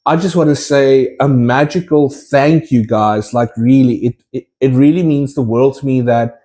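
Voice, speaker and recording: An enthusiastic man chats straight to his viewers about his collectibles. He rambles and restarts as he goes. His voice is mellow and warm. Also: medium pitch, moderate pace. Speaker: collectibles vlogger. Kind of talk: casual chat to viewers.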